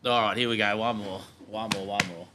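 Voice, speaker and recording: A man's voice: fairly low pitch, flat delivery, a little fast, noisy background. An Australian man hosting a casual club show and coaching a junior footy team, laid-back and matey as he jokes with kids.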